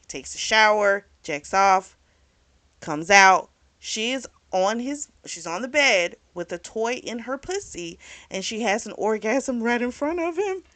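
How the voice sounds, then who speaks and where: A woman with a somewhat high, slightly bright voice bluntly and casually summarizes a novel's plot for her book club vlog, swearing and saying "like" throughout.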